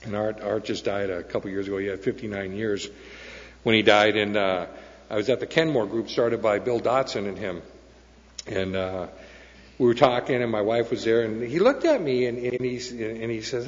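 A man's voice: on the low side, normal speed. A man sharing a personal story at a recovery meeting, earnest and peppered with "okay?" and "right?". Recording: dull sound with long hall echo.

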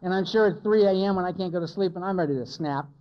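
This man's voice sits high and he talks fast. Speaking at a recovery meeting, he offers a live audience a frank, self-deprecating account of himself, preserved on a dull, lo-fi recording.

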